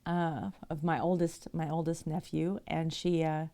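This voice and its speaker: Slow, low-voiced middle-aged woman telling stories. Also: little pitch movement, mellow. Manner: chatty, laughs often while telling stories. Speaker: livestream painter. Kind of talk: casual storytelling while chatting with viewers.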